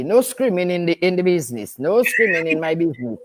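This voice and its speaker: A woman's voice: lowish voice, big pitch swings, quick pace, hardly any pauses. An older woman, a nurse and midwife from Dominica, chatting as a radio guest in an emphatic way, firmly repeating her no's. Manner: emphatic, repeats herself, firm "no, no, no". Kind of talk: casual radio chat.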